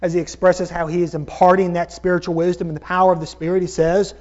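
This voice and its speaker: A man with a high, light voice preaches with emphatic, drawn-out stresses, addressing his congregation as folks. The recording sounds dull and lo-fi. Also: flat delivery, a little mellow. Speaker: pastor. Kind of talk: sermon.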